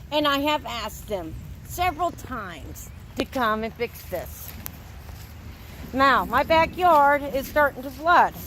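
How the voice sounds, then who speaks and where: A woman's voice: high-pitched, a bit bright, a little hiss or hum. A woman filming her flooded back yard on her phone, upset and exasperated, telling the viewer again and again to look. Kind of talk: phone video walk-through, complaining. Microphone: handheld phone.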